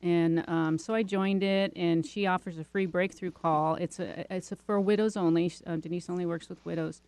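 A woman's voice: lowish voice, steady tone, normal speed, darkish tone, no echo. A woman telling a personal story as an interview guest, chatty, with many fillers and restarts. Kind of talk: casual storytelling.

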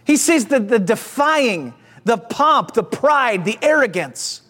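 Brief: energetic male preacher, lively swooping delivery, rallies the church. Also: very high-pitched, slow pace. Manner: energetic, exclamatory, call-and-response. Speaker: pastor. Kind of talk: sermon.

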